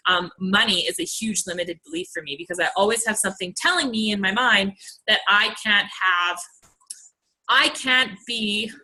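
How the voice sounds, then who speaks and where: A woman's voice: mid-range voice, sharp tone, poor audio. A young adult woman leading a motivational team call, earnest and chatty with many fillers.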